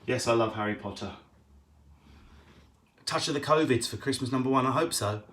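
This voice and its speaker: A male comedian chatting on a live stream, firing back answers to viewer questions. He talks in a quick, profane, jokey way, riffing off each question. The delivery stays loose and casual throughout. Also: medium pitch, a bit bright.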